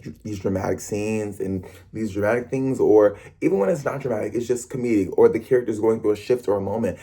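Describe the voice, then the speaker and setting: A young man who performs on stage, chatting to camera in an animated, rambling way with quick self-corrections. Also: lowish voice, slightly rough. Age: young adult. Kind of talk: casual talk to camera.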